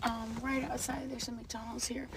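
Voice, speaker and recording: A woman's voice: on the high side, flat delivery, moderate pace, gravelly, slight background noise. A woman livestreaming an angry rant, swearing a lot and rambling as she confronts someone.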